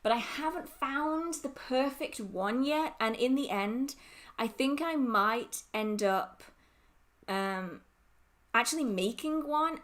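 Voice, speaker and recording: A woman with a fairly high voice hosts a casual livestream Q&A. She reads out viewer questions and answers them in a giggly, rambling way, and she is openly emotional as she talks. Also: fairly bright tone.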